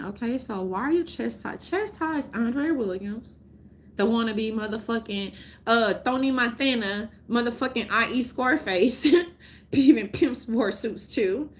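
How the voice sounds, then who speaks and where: A woman, ranting loudly and profanely to her viewers, laughing often. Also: fairly high pitch. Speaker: vlogger. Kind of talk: unscripted rant to camera.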